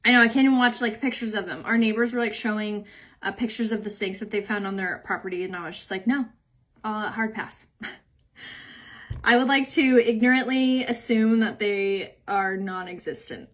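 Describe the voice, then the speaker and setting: A woman's voice: mid-range voice, moderate pace, fairly bright tone. A young woman hosting a makeup live stream, chatting casually and answering viewer comments, rambling and saying "like" a lot and laughing easily.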